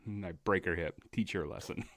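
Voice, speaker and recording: A man co-hosting a podcast, telling crude stories in a casual, animated way. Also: sits low, quick pace. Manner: animated, crude, laughing storyteller. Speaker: podcast co-host. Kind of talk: casual storytelling chat.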